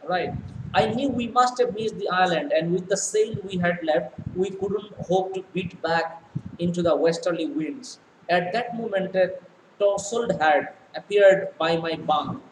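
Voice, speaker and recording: A man's voice: high-pitched, a little slow. A male teacher reading a story aloud and explaining it line by line, with many fillers. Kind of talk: explaining a textbook lesson. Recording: echoey room, faint noise.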